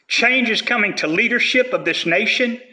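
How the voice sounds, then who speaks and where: A man's voice: high voice, moderate pace, pushed and bright. A man delivering a prophetic word with solemn, chanting repetition. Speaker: prophetic speaker.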